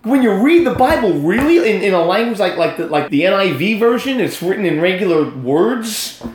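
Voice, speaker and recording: A man in his fifties talks about his faith with lively swings in pitch, like a preacher telling a story. His voice carries a roomy echo. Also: normal speed. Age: 50s. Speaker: guest. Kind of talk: faith testimony in conversation.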